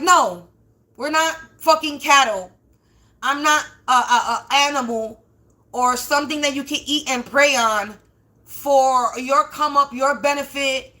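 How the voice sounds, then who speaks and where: A high-pitched woman with a bright, sharp edge hosts a spiritual reading on a livestream. She swears freely and rambles indignantly, stumbling and restarting her words as she talks. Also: a little slow. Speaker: spiritual reader, livestream host. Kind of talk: livestreamed tarot-style reading, profane rant.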